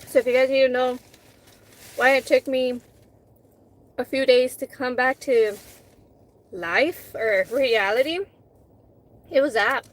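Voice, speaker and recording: A woman's voice: high voice, fairly even intonation, slow pace, long pauses, low-quality recording. A woman vlogger in casual chat with her live viewers, candid, swearing freely and acting out conversations as she tells them.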